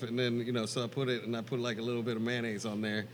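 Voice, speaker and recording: A man of middle pitch recounts a memory in an easygoing way, circling back on his words and restarting as he talks. A faint hum of noise sits under his voice. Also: fairly even intonation, rapid-fire, few pauses. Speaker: podcast co-host. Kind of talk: casual chat.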